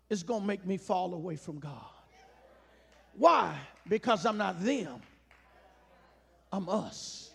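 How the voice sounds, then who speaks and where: A man's voice: extremely high pitch, vocal fry, sharp tone, breathy edge. A man preaching a sermon, emphatic and rhythmic, repeating phrases and calling on the congregation to answer back. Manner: emphatic call-and-response preaching.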